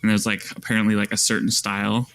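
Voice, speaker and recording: A man with a low voice chats easily as a podcast co-host. He rambles, uses slang, and loses track of names as he talks. His tone is relaxed and offhand. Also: fast talker. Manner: laid-back, rambling, fillers and slang. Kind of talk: casual chat.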